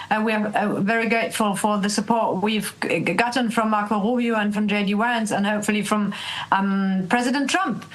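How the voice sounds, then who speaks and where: A woman's voice: a little high, low-quality recording. Woman, earnest, hesitant. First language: German. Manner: earnest, many uh fillers and restarts. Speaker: guest politician. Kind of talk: remote interview.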